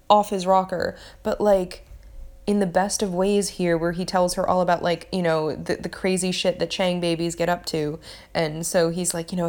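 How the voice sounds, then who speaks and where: A woman's voice: medium pitch, a little mellow. A woman casually talking through sitcom episodes she loves, rambling with lots of fillers and swearing. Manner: enthusiastic, loose, heavy on fillers and swearing. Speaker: TV episode reviewer.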